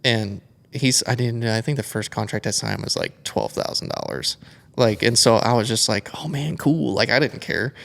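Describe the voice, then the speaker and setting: Young male racer, casual rambler with a gravelly edge, mid-pitch. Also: moderate pace. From United States. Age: young adult. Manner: rambling, animated storytelling with many fillers. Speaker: guest, flat track racer. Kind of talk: casual storytelling interview.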